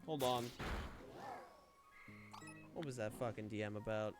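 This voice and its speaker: A man's voice: fairly low pitch, unhurried, over music. A man streaming a game and chatting casually, rambling with frequent swearing and restarts. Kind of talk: casual chat while gaming.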